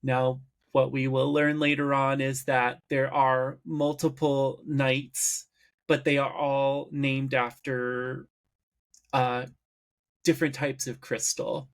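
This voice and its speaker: A man co-hosting a podcast, slowly walking through a cartoon episode's plot in casual chat. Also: medium pitch, flat delivery. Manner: slow, explanatory, recaps plot at length. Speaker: podcast co-host.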